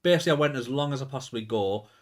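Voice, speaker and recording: A man talks through his gameplay in a loose, chatty way, his thoughts wandering as he goes. His voice sits at an everyday middle pitch. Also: racing. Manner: rambling, chatty, thinks aloud with fillers. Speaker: video game commentator. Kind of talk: casual gameplay commentary.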